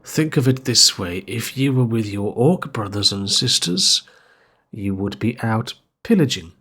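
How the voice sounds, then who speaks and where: A man's voice: on the low side, expressive, unhurried, bright, forceful tone, slightly rough. A man running a tabletop game, voicing a cheeky, bawdy priest in a mock-solemn, teasing way. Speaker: game master. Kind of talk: in-character tabletop role-play.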